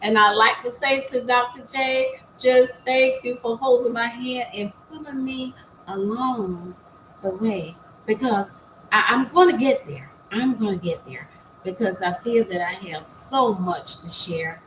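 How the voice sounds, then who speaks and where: An older woman talking casually to her viewers as a new content creator, earnest and heartfelt, pausing often with many fillers and repeated words. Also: fairly high pitch, a bit bright, low-quality recording. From United States. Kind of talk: casual vlog talk to viewers. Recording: faint background noise.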